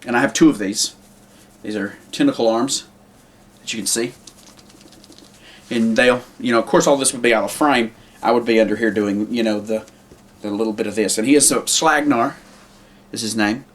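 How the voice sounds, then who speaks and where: A man walking through his handmade puppet collection in a loose, unscripted way, with lots of pauses and restarts. His voice sits at an ordinary middle pitch. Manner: rambling, with many ums and restarts. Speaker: puppet maker. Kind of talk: casual show-and-tell.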